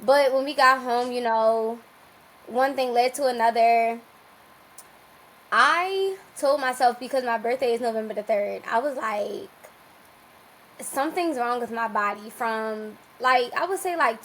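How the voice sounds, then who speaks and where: A woman guest on a podcast telling a personal story in a casual, animated way, laughing often and restarting her sentences. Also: a little high, slight background noise, low-quality recording.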